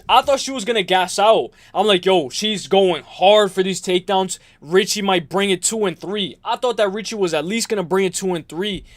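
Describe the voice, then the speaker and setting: A young man hosting a casual fight-talk livestream from home, rambling and animated with sudden outbursts. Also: high voice, no echo. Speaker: MMA livestream host. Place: home room.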